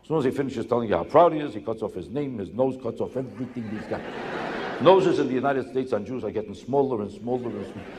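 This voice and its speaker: A man doing stand-up comedy before a live audience, talking rapidly and insistently with rhetorical questions and repetition. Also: mid-range voice, lively intonation, noisy background. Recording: echoey hall, live show.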